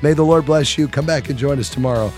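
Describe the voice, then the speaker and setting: A man with a scratchy, hoarse voice hosting a faith-based money radio show, earnestly appealing for donations with frequent pauses. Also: medium pitch, a little mellow, faint music behind.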